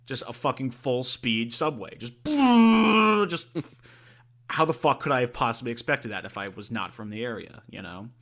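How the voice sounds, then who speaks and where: A man's voice: mid-range voice, lively intonation, normal speed, fairly bright tone. A man co-hosting a podcast in casual chat, rambling with many fillers and swearing freely. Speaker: podcast co-host.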